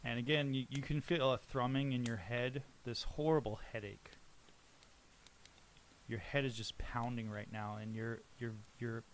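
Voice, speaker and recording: Man, game master, tabletop narration, mid pitch, halting descriptions. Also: steady tone, a little hiss or hum.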